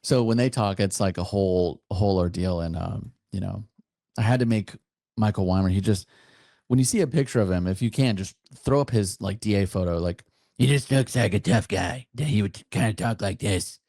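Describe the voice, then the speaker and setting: A man's voice: on the low side, fairly quick, dark tone, no echo, studio quality. A man who is a soldier, chatting as a podcast guest, hesitant with many fillers. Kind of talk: casual interview chat.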